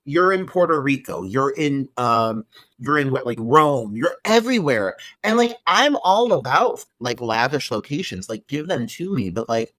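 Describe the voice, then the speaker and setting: A man co-hosting a podcast, chatting casually about a film in an animated, profane way with frequent laughter. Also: medium pitch, normal speed, dry recording. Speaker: podcast co-host. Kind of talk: casual film review chat.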